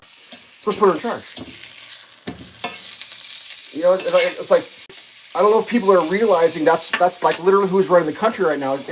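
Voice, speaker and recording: A woman's voice: fairly low pitch, slight background noise, poor audio. A woman hosting a livestream, ranting casually with profanity, many restarts and exasperated asides. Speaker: livestream host.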